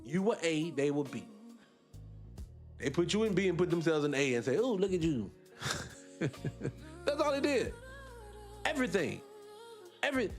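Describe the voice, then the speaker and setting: High-voiced man ranting on radio. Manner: animated, rhetorical, preachy, repeats points. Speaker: radio show host. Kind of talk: opinionated solo radio talk.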